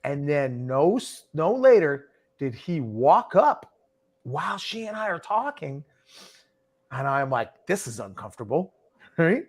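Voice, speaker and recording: A man's voice: a little high, sing-song, a little slow. A man hosting a podcast, telling stories loosely and chattily, often asking "right?". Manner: loose, chatty, frequent "right?" and "you know". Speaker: podcast host. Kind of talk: casual podcast storytelling.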